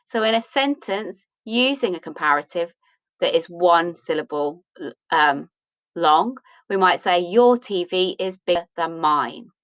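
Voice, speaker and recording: Slow, patient woman teaching English grammar. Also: fairly low pitch, lively intonation, a bit bright, dry recording, low-quality recording. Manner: patient, asks and answers her own questions. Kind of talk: explaining a grammar lesson.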